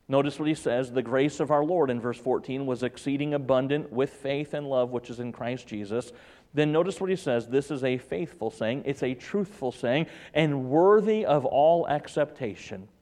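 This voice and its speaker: A man preaching a sermon as pastor, swinging between loud emphatic peaks and hushed, tender drops. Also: mid-range voice. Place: church.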